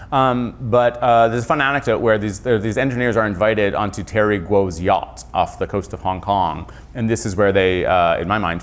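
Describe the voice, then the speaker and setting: A middle-aged man, an author, speaking in a conversational interview with quick asides and self-corrections. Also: on the low side. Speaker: author and journalist guest.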